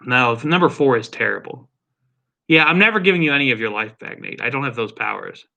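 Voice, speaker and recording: Bright-voiced joking male livestream host. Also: mid-range voice, animated, brisk, vocal fry, muffled recording. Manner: joking, rambling, profane asides. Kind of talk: casual livestream chat.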